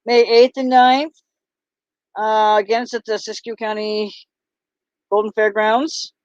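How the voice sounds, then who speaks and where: A woman vlogger chatting casually to camera, halting often with ums and restarts. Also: on the high side, little pitch movement, clear, resonant tone, no echo. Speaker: vlogger and bracelet seller. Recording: dull lo-fi, dry sound.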